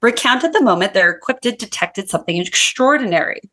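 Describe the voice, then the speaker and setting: A woman's voice: fairly high pitch, animated, fairly quick, fairly bright tone. A woman co-hosting a podcast, chatting casually with swearing and reading her research notes aloud. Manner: profane, laughing banter. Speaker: podcast co-host.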